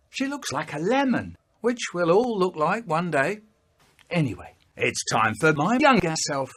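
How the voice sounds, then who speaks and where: Animated older storyteller man. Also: on the high side, moderate pace. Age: 60s. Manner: animated, exaggerated children's storyteller delivery. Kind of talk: spliced comedic storytelling remix.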